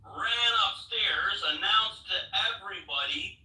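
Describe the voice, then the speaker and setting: A man's voice: sits high, animated, measured pace, sharp tone, far from the mic. A man recounting events step by step in a casual chat, plain-spoken and swearing at times. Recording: echoey room, voice off-mic.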